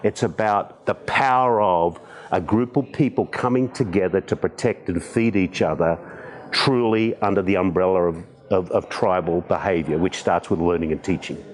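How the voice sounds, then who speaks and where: A man in his sixties with an Australian accent, a podcast guest telling stories in conversation with animated, self-deprecating humor. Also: deep voice, moderate pace. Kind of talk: conversational storytelling.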